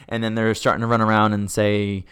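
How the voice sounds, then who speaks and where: A man's voice: lowish voice, little pitch movement, moderate pace, fairly bright tone, clear, resonant tone. A man co-hosting a casual podcast chat, chiming in with short agreements, details and laughs. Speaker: podcast co-host.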